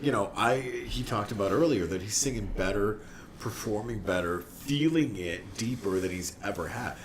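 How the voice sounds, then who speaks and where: A man's voice: lowish voice, moderate pace, slight background noise. A man talking earnestly about playing music with his bandmate in a casual podcast chat.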